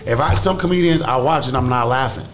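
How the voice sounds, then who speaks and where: A man's voice: medium pitch, fast talker, very noisy. A man, an actor guest, chatting loosely in an interview and laughing as he talks. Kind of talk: casual interview chat.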